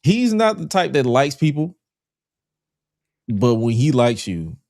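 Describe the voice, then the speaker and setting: A man's voice: mid-range voice, big pitch swings, slow pace, creaky, darkish tone, dry recording, clean studio sound. A man co-hosting a casual podcast, talking loosely with slang and lots of filler words. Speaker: podcast co-host.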